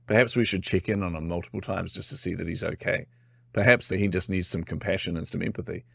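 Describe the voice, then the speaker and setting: Kiwi-accented man with a low voice. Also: fast talker, gravelly, husky, no echo, studio quality. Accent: New Zealand. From New Zealand. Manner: animated storyteller, acts out quotes, laughs often. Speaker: guest. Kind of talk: casual interview chat.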